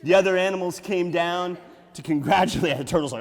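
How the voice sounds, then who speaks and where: A man working as a nature museum storyteller, telling an animated, playful tale to children with sound effects. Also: high voice, brisk. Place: library room. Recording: echoey hall.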